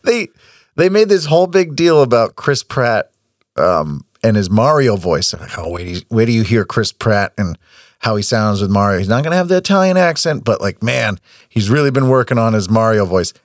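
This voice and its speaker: A man's voice: lowish voice, expressive, normal speed, no echo. Man, podcast co-host, laughs a lot, dry close mic, casual. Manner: laughs often, stammers and restarts. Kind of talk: casual chat.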